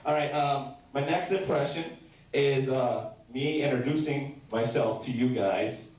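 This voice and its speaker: A man's voice: medium pitch, measured pace. Young man doing stand-up in an echoey club. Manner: deadpan, rambling storytelling with sudden loud shouted bits. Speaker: stand-up comedian. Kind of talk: stand-up comedy set. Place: comedy club stage. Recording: very echoey room heard from a distance.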